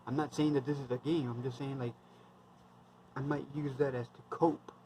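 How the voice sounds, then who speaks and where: A man's voice: medium pitch, steady tone, normal speed, dark tone, a little hiss or hum, poor audio. Blunt, foul-mouthed man in his thirties. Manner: heavily profane, rambling, blunt. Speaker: military veteran vlogger. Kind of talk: casual storytelling monologue.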